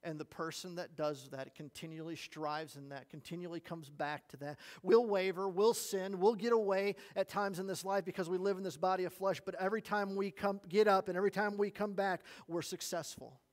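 A man's voice: sits high, steady tone, fairly quick, hardly any pauses. A man preaching an earnest sermon as pastor, telling a story to his congregation. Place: church sanctuary. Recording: long reverb of a church hall.

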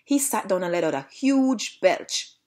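Lively Jamaican woman telling a story. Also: medium pitch, unhurried. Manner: lively read-aloud narration. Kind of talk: storybook reading.

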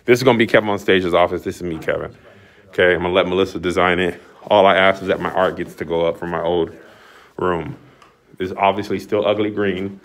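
Excitable man giving a walking tour. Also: low voice, a little fast. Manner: excitable, showman-like announcing. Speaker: studio owner giving a tour. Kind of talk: casual walkthrough tour. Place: large empty commercial building.

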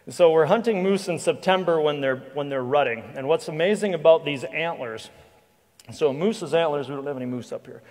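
A man, a hunting guide and guest speaker, telling a lively anecdotal story to a church audience, with frequent restarts. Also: on the high side, a little fast. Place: church hall with live audience. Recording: long reverb of a large hall.

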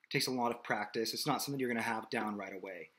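A man with a voice on the low side, a bit bright and racing, coaches singing. In his lesson he explains casually, demonstrates by singing, and checks in often with "okay?".

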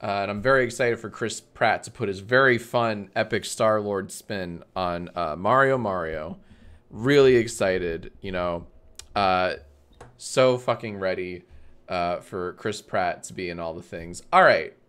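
A man's voice: fairly low pitch, a little slow, a bit bright, clean tone. A man hosting a casual livestream, talking in a sarcastic, joking way with plenty of swearing into a desk mic. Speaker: livestream host.

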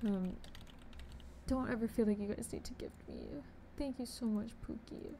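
A woman's voice: fairly high pitch, huge pitch swings, normal speed, creaky, warm tone. Bubbly young woman live-streaming. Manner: bubbly, chatty, greets viewers with pet names. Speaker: game streamer. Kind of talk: casual live-stream chat. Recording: faint background noise.

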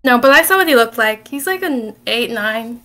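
A young woman calls into a live stream and answers questions in a few easygoing words. Her voice sits a little high. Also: lively intonation, normal speed, bright, forceful tone. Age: young adult. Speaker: caller.

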